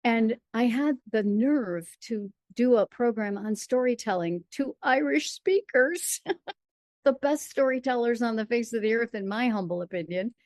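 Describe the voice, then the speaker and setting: A middle-aged American woman, a playwright and performer, telling stories in a casual interview with an animated, laughing manner. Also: a little high, measured pace, dry recording, clean studio sound. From United States. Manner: animated storyteller, laughs often.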